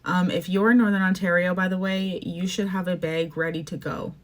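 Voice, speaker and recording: A young woman from Canada talks fast and heatedly on her podcast, her voice sitting a little low. She jumps between thoughts, filling gaps with "like" and "um", and her feeling keeps breaking through. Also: fairly even intonation. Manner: emotional, fast-shifting, says "like" and "um" often. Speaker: podcast host. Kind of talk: casual opinion rant.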